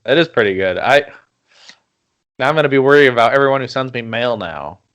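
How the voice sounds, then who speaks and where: A man hosting a casual podcast, at an ordinary pitch for a man. He mostly murmurs short agreements and adds quiet jokes between his guest's stories. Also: animated, brisk, clean tone. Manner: brief murmured agreements, low-key. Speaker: podcast host.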